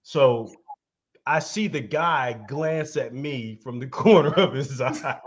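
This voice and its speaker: A man co-hosting a casual chat, telling a story in an animated way and laughing as he talks. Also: mid-range voice, slow, muffled recording, slight background noise. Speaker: co-host.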